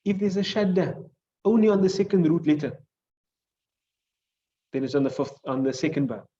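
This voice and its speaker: A man's voice: a little high, expressive, normal speed, mellow, lo-fi sound. A man with a South African accent teaching a classroom lesson on hadith and Arabic grammar. He explains patiently, repeats the key points and keeps checking understanding with "right?". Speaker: Islamic studies teacher.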